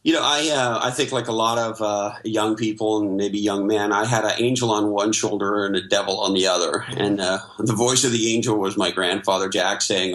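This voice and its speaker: Interview guest: middle-aged Canadian-born man, lowish voice, reflective storyteller, lots of ums. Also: fairly even intonation, normal speed, a bit bright. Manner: reflective storytelling with many fillers. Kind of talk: interview conversation.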